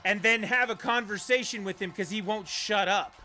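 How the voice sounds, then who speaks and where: A man's voice: high-pitched, normal speed, pushed and bright, soft background music. A man streaming a video game, chatting casually and ranting bluntly, with some profanity. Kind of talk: casual livestream chat while gaming.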